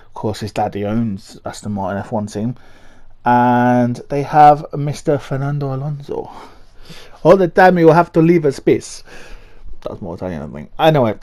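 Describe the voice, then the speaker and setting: Young guy, casual vlogger, rambling and chatty, mid-pitched voice. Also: mellow. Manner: chatty and rambling, with many fillers and restarts. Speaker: motorsport vlogger. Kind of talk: casual commentary ranking car designs.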